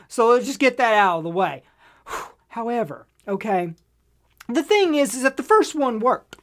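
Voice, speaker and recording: A woman's voice: fairly high pitch, very animated, measured pace. A woman hosting a podcast, giving a casual, profane film review, emphatic and repeating her lines for effect.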